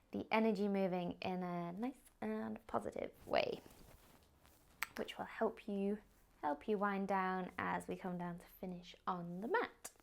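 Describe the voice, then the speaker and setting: A young woman teaching a yoga class, giving calm, gently encouraging cues. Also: medium pitch, vocal fry. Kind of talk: guided yoga instruction.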